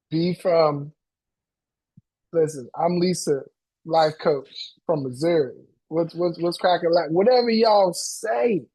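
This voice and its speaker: A man talking as a life coach in casual, slangy, animated chat, repeating himself and acting out voices. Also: a little high, husky.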